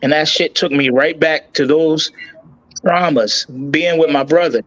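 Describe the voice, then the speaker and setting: A man telling a painful personal story as an interview guest, choked up and halting, with many restarts and repeated words. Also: a little high, a bit bright, highs cut off.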